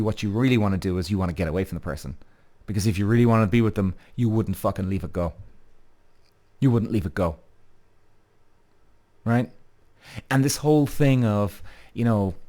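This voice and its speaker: A man's voice: lowish voice, moderate pace, mellow. A man hosting a podcast, talking bluntly in a candid monologue, swearing often and acting out quoted voices, tagging lines with "right?". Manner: repeatedly asks "right?" as a tag. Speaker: podcast host.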